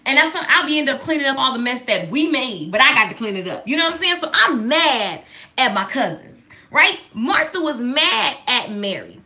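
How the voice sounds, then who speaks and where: Woman, casual devotional talk, sassy, very lively intonation. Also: high-pitched, moderate pace. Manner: sassy, animated, call-and-response. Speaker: speaker giving a devotional talk.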